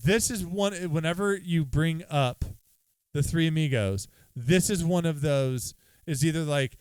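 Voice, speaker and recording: Man, podcast co-host, excitable asides, smooth tone, slightly high. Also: no room sound. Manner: excitable, quick reactions, joking asides. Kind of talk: casual movie chat.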